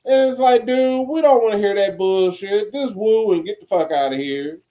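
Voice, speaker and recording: A man's voice: high voice, normal speed, warm tone. A man co-hosting a casual wrestling podcast, laid-back, dismissive and profane. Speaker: podcast co-host.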